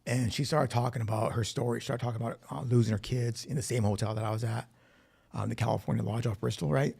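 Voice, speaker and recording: Speaking quickly with fairly even intonation, this man has a medium-pitched voice that's creaky, husky and a bit dark. He's telling his recovery story as personal testimony at a recovery facility meeting, candid and profane, acting out the dialogue he quotes.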